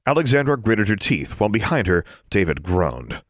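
A man narrating an audiobook in a steady storytelling manner. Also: on the low side, normal speed, no echo, clean studio sound. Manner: steady storytelling, switches into character voices. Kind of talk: scripted narration.

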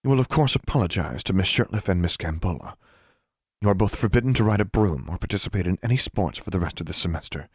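Icy strict headmistress type, low and husky, soft threats, read by a guy narrator. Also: expressive, fast, dry recording, studio quality. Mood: cold, menacing. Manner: icy, quiet and menacing, clipped commands. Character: cold stern female school dean, commanding.

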